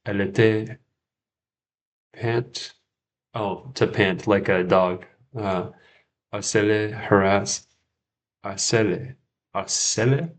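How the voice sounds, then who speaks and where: A man's voice: lowish voice, fairly even intonation, slow, pauses often. A man hosting a casual livestream study session, thinking aloud and repeating words as he checks himself. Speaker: French learner and livestream host.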